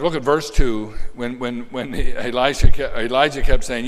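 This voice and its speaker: A man's voice: medium pitch, expressive, moderate pace, few pauses. A man preaching a sermon in a conversational way, often restarting his phrases. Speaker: pastor. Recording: long hall reverb.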